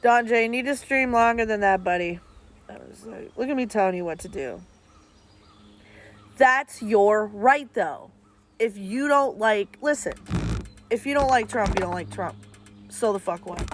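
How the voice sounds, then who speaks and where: A woman's voice: medium pitch, lively intonation, measured pace, long pauses. A woman, chatting casually and bluntly to her viewers as a streamer, swearing freely. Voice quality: blunt and profane, talks straight at viewers. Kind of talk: casual chat.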